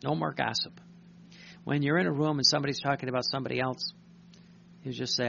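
A man preaching a sermon, reading passages aloud, halting with many fillers and restarts and clearing his throat often. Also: medium pitch, fairly even intonation, fairly bright tone. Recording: muffled recording with faint hum.

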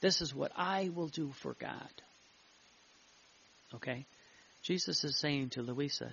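A male preacher giving a fervent devotional sermon, reading passages aloud and repeating himself, with a gravelly voice. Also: on the high side, moderate pace, pauses often, fairly bright tone, a little hiss or hum. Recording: muffled lo-fi recording.

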